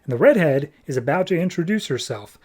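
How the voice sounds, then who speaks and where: Man recapping a comic, animated. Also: on the high side. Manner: animated, exasperated nitpicking, quick paraphrased dialogue. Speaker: podcast host reviewing comics.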